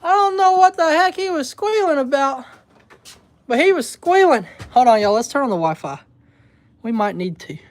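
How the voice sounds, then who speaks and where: A man's voice: very high voice, very animated, moderate pace, no room sound. A man chatting casually on a home livestream, rambling and laughing often as he talks to his viewers. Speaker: homestead vlogger. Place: indoors at home.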